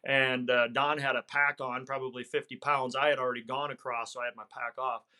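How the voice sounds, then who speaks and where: Bright-voiced man telling a story earnestly. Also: medium pitch, flat delivery, brisk, clear, resonant tone. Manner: earnest, reflective, restarts and fillers. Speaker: hunting guide, podcast guest. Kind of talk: conversational storytelling.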